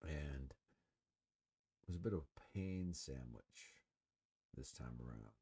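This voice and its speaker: A man's voice: extremely low pitch, slow, breathy edge. A man hosting a solo podcast, talking casually and rambling with many fillers and swearing while he smokes. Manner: relaxed, smoking while talking. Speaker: podcast host. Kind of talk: casual solo sports talk.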